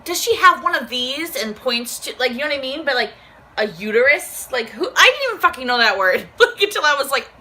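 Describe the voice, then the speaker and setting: A woman's voice: high-pitched, sing-song, a little fast, bright, forceful tone. A young woman co-host chatting bluntly, incredulous and profane. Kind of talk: casual chat.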